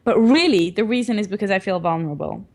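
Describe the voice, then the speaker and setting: Earnest woman with a gravelly edge. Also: mid-range voice, animated, quick pace, a little mellow. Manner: earnest, reflective, laughs often. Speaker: guest, parenting advocate. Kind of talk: casual interview chat.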